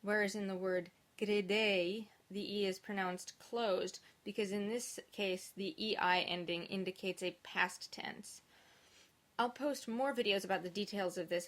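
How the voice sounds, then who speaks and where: A woman's voice: medium pitch, fairly even intonation, moderate pace, fairly bright tone. Woman teaching singers' diction, methodical. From English-speaking country. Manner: clear, methodical explaining. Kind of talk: instructional video lesson.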